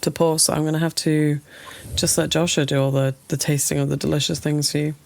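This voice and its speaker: A woman's voice: deep voice, flat delivery, a little fast, gravelly, darkish tone, dry recording. A woman co-hosting a podcast over a video call, chatting casually and teasing her co-host playfully. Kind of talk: casual chat.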